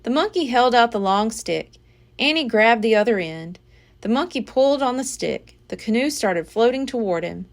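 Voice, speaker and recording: A woman reading a children's book aloud as a library storyteller, with an expressive, dramatic delivery. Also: fairly high pitch, moderate pace.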